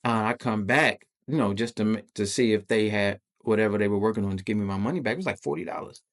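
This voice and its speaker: A man's voice: fairly low pitch, quick pace. A man hosting a podcast, telling a personal story in loose, slangy, profane conversational talk. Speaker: podcast host.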